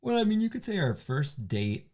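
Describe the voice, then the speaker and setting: A man's voice: fairly high pitch, very animated, normal speed, darkish tone. A man in his thirties co-hosting a livestream, chatting casually and teasing his partner with sarcasm. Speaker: livestream co-host. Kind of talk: casual chat.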